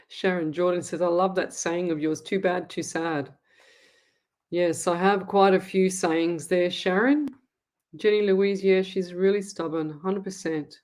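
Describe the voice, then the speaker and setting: A woman's voice: fairly low pitch, steady tone, unhurried, a little mellow. An Australian woman hosting a live-stream, reading out viewer comments and answering them in a blunt, emphatic way. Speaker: psychic medium host.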